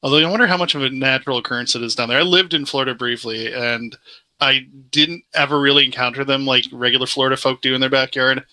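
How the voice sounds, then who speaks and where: A man on a podcast speaks with a very bright, sharp tone, chatting bluntly and easily slipping into swearing. He laughs easily and keeps a relaxed, offhand delivery. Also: medium pitch, quick pace. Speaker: podcast co-host. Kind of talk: casual chat.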